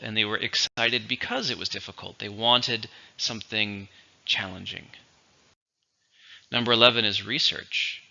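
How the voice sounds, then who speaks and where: A man teaching English vocabulary, speaking slowly and deliberately and repeating each word for pronunciation. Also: mid-range voice, gravelly, pushed and bright, muffled recording. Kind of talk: vocabulary lesson with dictation.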